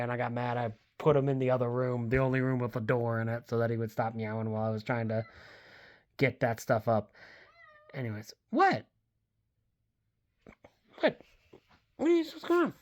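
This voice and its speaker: A woman's voice: very deep voice, moderate pace, a little mellow. A woman, chatting casually and rambling in a home vlog from her basement, self-deprecating, full of fillers and the odd swear. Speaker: book vlogger.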